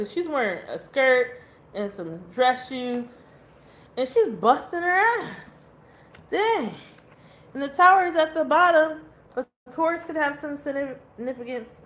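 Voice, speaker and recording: A woman giving a casual tarot reading who rambles, swears casually and laughs often. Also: high voice. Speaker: tarot reader.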